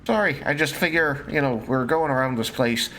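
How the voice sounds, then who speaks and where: A podcast co-host chatting casually while playing a video game, playful and quick to laugh. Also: medium pitch, fairly bright tone, slight background noise. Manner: playful, laughs often, drifts into silly voices. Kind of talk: casual chat while gaming.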